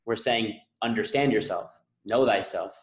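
A man's voice: fairly low pitch, a little slow, roomy sound, a little hiss or hum, poor audio. A man hosting a podcast, earnestly explaining ideas with analogies in a reflective conversation. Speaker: podcast host.

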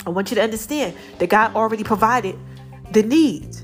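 Her voice a little high and fairly quick, a woman gives an emphatic testimony of faith to her audience while faint music plays. She sounds a bit choked up, her throat tight, and she says things again and again to drive them home.

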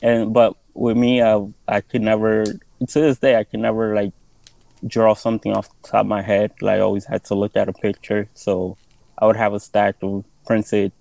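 A man who is an independent artist, a guest speaking modestly and haltingly in a casual interview. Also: on the low side, level tone, gravelly, warm tone, dry recording, low-quality recording. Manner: modest, halting, many fillers.

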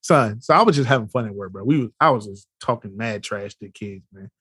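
A man's voice: on the low side, lively intonation, brisk, pushed and bright, slightly rough, dry recording, studio quality. A young man co-hosting a podcast, telling stories animatedly in casual chat and laughing often. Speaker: podcast co-host.

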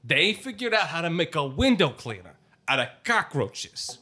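A man's voice: a little high, sing-song, normal speed, pushed and bright, slight background noise. A man with a put-on Italian-American accent, performing a pushy, insistent salesman in an improvised comedy sketch and repeating himself often.

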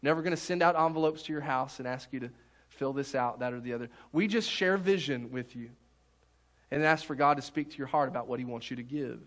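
A man's voice: mid-range voice, brisk, fairly bright tone. A man preaching a sermon as pastor, in a folksy, conversational way with many restarts.

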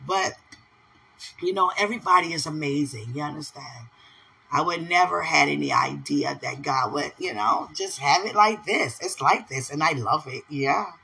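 A woman's voice: low-pitched, lively intonation, normal speed, creaky, sharp tone, slightly rough, low-quality recording. A woman hosting a podcast, chatting casually and playfully with a partner, laughing often. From United States. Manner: talks affectionately to a partner. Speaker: podcast host. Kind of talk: casual chat.

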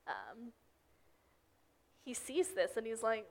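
A woman's voice: on the high side, measured pace. A young woman giving a casual sermon, telling Bible stories and acting out the characters' lines. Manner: storytelling, acts out characters' lines. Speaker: preacher.

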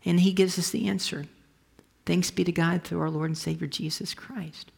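A pastor preaching a conversational, storytelling sermon, often restarting phrases and dropping to a soft whisper for emphasis. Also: mid-range voice, flat delivery, moderate pace, vocal fry, husky, long reverb tail. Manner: frequent restarts and trailing phrases.

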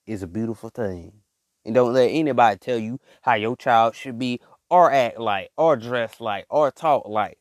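Male host, father, mid-pitched, talks straight to the listener in slangy, repeating bursts; dead dry recording. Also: no echo. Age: adult father. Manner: repetitive, emphatic, conversational slang. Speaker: podcast host. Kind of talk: motivational monologue.

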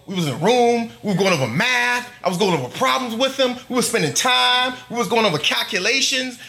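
A middle-aged male pastor preaches a sermon to a congregation in church. His voice is high, pushed and bright, and he delivers emphatically, building long chanted lists.

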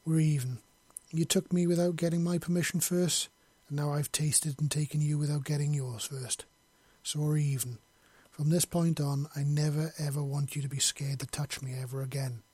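Man reading as a tender steady husband. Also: fairly high pitch, moderate pace, hardly any pauses, slightly rough, dry recording. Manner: gentle and earnest.

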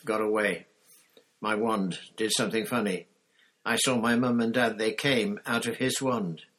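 A man's voice: on the low side, steady tone, unhurried, a bit bright, pitched above the performer's own voice. A man reading an audiobook, voicing a shaken teenage boy wizard in an urgent, breathless, pleading way. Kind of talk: audiobook character voice.

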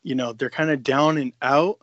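A man co-hosting a podcast, excitedly recapping a comic story in casual chat, swearing freely and rambling. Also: mid-range voice, moderate pace, no room sound, highs cut off. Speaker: podcast co-host.

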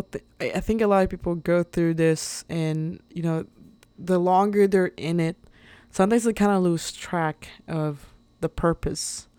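A woman's voice: on the low side, a little mellow, clean tone, dry recording. A woman hosting her own podcast, talking in a casual, rambling, earnest way, with many fillers and little laughs. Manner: openly emotional and earnest. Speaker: podcast host. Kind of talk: casual solo podcast monologue.

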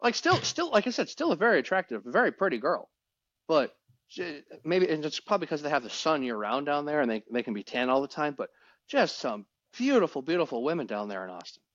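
Guy on a podcast getting all worked up, rambly, kinda high voice, dull dry audio. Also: fairly quick, dry recording. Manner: excitable, rambling, restarts words. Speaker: podcast co-host. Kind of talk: casual chat.

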